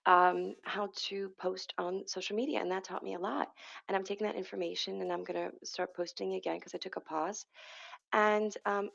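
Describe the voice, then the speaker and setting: A woman's voice: mid-range voice, vocal fry, highs cut off. A woman, a hypnotherapist and energy healer, speaking as a podcast guest in a rambling way, often restarting and correcting herself. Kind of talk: casual conversational interview.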